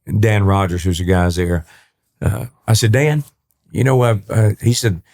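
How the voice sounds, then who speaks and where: Folksy Texan man telling stories, low voice. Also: normal speed, a little mellow. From East Texas. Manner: folksy, repeats words and restarts while telling stories. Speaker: guest, country singer. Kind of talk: storytelling in a podcast interview.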